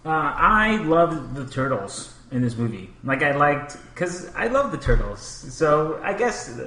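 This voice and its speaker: A man's voice: a little high, big pitch swings, unhurried, pushed and bright. A man co-hosting a podcast in casual chat, giving blunt, emphatic opinions. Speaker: podcast co-host. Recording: echoey room with faint noise.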